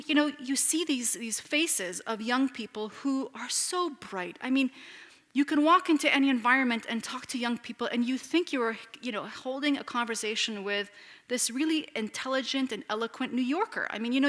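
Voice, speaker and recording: A woman, an author taking questions at a public talk, speaks in an animated way with frequent restarts and "you know.". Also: sits high, moderate pace. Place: lecture hall with an audience. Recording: long hall reverb.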